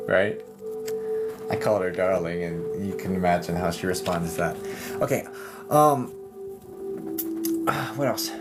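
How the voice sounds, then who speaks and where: On a laid-back livestream from home, a man presenting as a psychic medium rambles chattily, with lots of fillers and laughs. His deep voice is slow and he pauses often. A streaming mic captures him, with soft music playing behind.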